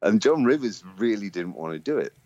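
A man with a very deep voice telling a rambling anecdote, swearing freely and laughing often. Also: very animated, a little fast, darkish tone, no echo. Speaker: musician guest. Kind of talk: casual storytelling. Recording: dull lo-fi sound.

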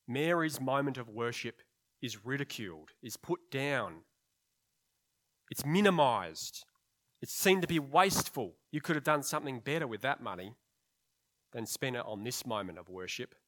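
A man pastor preaching a sermon in a lively, conversational way, with rhetorical questions and wry humorous asides. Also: mid-range voice, measured pace, long pauses.

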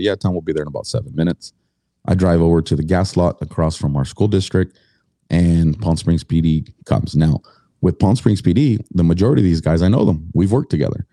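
A man's voice: extremely low pitch, dark tone, dry recording, studio quality. A middle-aged man telling his story as a podcast guest, blunt and indignant, swearing freely.

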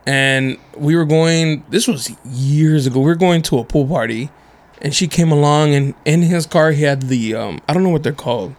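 A man co-hosting a podcast, telling stories in a loose, swearing, laughing way, his voice a bit deeper from covid. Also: moderate pace. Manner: animated, swearing, laughs often, mimics people in stories. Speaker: podcast co-host. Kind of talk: casual chat, storytelling.

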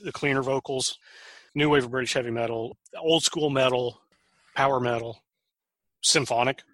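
Bright, chatty middle-aged man. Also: medium pitch, fairly even intonation, moderate pace, no echo. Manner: talkative, trails off with fillers. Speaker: podcast co-host. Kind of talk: casual chat.

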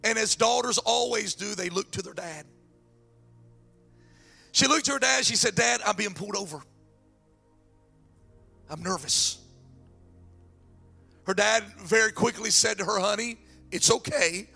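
A man preaching a sermon and telling a story, excitable and repeating words as he builds up, his throat strained. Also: sits high, unhurried, vocal fry, pauses often, slightly rough, soft background music. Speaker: pastor.

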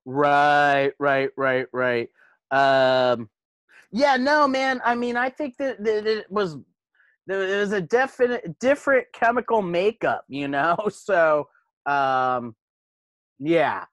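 A man's voice: a little high, expressive, takes it slowly, fairly bright tone, no room sound. A man guesting on a casual podcast chat, laid-back and teasing, slightly buzzed from beer. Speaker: guest, comic book writer.

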